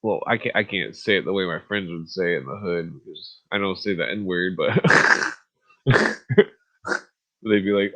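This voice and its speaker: A podcast host with a lowish voice rants bluntly, swearing a lot and using frequent fillers, then reads an article aloud. He speaks at a moderate pace with long pauses. The audio sounds dull.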